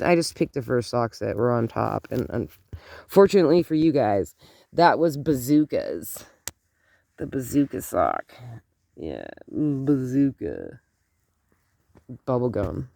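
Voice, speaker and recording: A middle-aged woman ranting in a casual outdoor vlog, animated and indignant, rambling with many fillers, recorded on a handheld phone. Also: a bass voice, moderate pace, vocal fry, no room sound. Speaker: vlogger. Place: outdoors in cold morning air.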